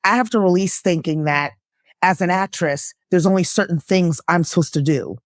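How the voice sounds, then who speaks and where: A woman guest, an actress and lifestyle coach, speaking earnestly and reflectively in a candid conversation, her voice jumping up when she laughs or gets excited. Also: moderate pace, dry recording, studio quality. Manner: earnest and reflective, with bursts of laughter and pitch jumps.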